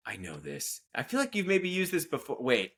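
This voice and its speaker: Bright-voiced enthusiastic male podcaster. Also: a little high, wildly swooping pitch, normal speed. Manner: enthusiastic, rambling, full of asides. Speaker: podcast co-host. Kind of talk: casual podcast chat.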